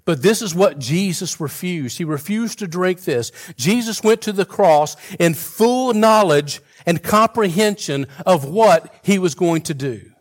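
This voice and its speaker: A pastor delivering a sermon in a loose, conversational way, full of fillers and restarts, mixing rhetorical questions with homespun humor. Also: male voice, sits high, expressive, unhurried, few pauses.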